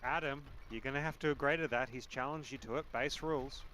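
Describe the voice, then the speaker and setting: A man's voice: mid-range voice, quick pace, bright, forceful tone, a little hiss or hum. A young man in playful game voice chat, teasing in a mock-formal way. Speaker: game player.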